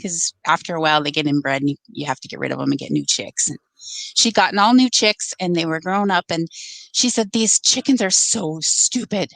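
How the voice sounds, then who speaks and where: A woman guest on a podcast, telling a funny story in an animated, laughing way. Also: on the low side, brisk, dry recording, rough recording. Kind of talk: casual storytelling.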